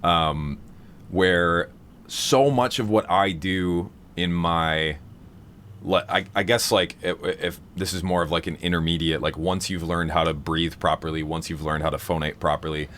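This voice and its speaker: A man with a very low voice talks casually on a live stream, wandering through his thoughts with plenty of fillers and restarts. A faint hiss of noise sits under his voice. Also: fairly even intonation, unhurried, fairly bright tone. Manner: rambling, many fillers and restarts. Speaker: streamer hosting a vocal seminar.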